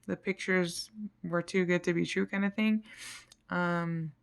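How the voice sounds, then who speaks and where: A woman with a lowish, gravelly voice vents in a casual vlog. She talks frankly and rambles, sounding tired and fed up, and now and then her voice sinks almost to a whisper. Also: little pitch movement, measured pace. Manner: frank, frustrated, rambling, drops to near-whisper at times. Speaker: vlogger.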